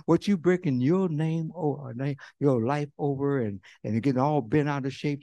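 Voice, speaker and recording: A man preaching a sermon as pastor, talking conversationally and swinging from loud bursts to hushed near-whispers. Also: medium pitch, normal speed, hardly any pauses, no echo. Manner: conversational preaching with fillers and quoted voices.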